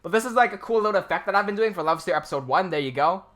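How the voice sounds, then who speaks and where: Racing and animated, the animation livestream host's voice sits high with a fairly bright tone. He chats casually and answers comments in a rambling style, laughing often and stumbling through fillers and restarts.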